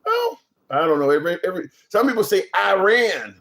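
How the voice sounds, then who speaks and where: A man's voice: high-pitched, big pitch swings, fairly quick, gravelly, a bit bright. Blunt, incredulous man. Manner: blunt, incredulous, swears freely. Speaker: political talk stream host. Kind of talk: casual live-stream commentary reading chat.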